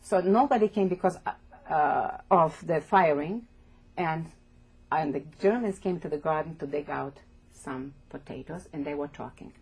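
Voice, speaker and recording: Gravelly older woman giving halting testimony. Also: deep voice, a little mellow. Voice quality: gravelly, husky. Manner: halting, restarts and repeats words. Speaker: interviewee, survivor giving testimony. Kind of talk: oral history testimony.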